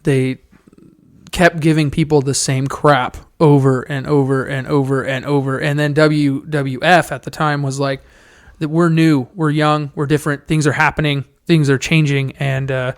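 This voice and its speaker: A young man co-hosting a podcast in casual chat, excitable, swearing freely and often laughing loudly. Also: a little high, normal speed. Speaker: podcast co-host.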